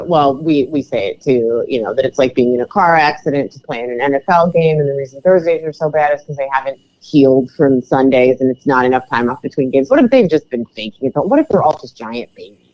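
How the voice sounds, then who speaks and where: A woman's voice: very deep voice, animated, brisk, a little mellow, highs cut off. A woman co-hosting a sports podcast, chatting casually with sarcastic jokes and lots of fillers. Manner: joking, sarcastic, many fillers. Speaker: podcast co-host. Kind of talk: casual chat.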